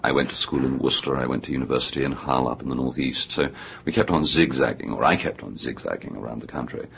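A man's voice: extremely low pitch, fast talker, gravelly, a bit bright, slight background noise. A middle-aged English man, an author being interviewed in a radio studio, talking in an erudite, discursive way with many hesitations. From England. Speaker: author guest. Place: New York radio studio.

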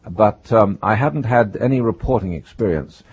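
An older man from England with a mixed British and North American accent, telling his life story in an interview with many pauses and fillers. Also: lowish voice, darkish tone, slightly rough, highs cut off. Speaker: guest, writer.

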